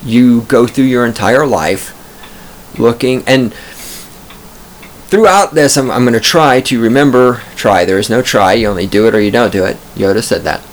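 This man speaks in a mid-range voice at a normal pace, with a bit of background noise. Hosting a podcast from a studio booth, he delivers a profane, digressive comic monologue full of stories that clearly entertain him.

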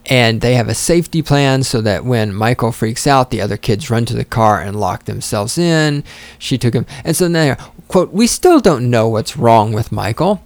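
A man's voice: medium pitch, clean tone, no room sound. A man rants in heated commentary, swearing and mocking as he goes. His voice sits in an ordinary middle register. The sound is dry and close, with no room around it. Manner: heated, sarcastic, profane. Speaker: political commentator. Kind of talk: ranting commentary.

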